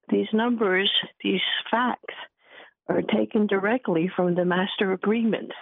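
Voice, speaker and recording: A woman calling in to a radio show as a petition organizer, speaking in a steady, plain way with many fillers. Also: lowish voice, creaky, no echo. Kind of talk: call-in radio comment. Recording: tinny phone line, dry.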